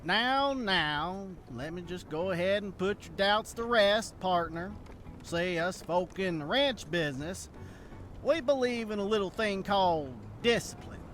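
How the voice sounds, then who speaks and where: High folksy ranch boss, smooth salesman talk, bit of hiss behind. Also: measured pace, fairly bright tone. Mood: smug.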